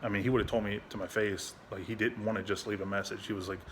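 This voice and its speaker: A man's voice: fairly low pitch, steady tone, a bit bright, slight background noise. Frustrated young man rambling into his phone. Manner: frustrated, rambling, heavy swearing; halting, restarts often. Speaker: veteran vlogger. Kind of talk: candid personal vlog. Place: at home.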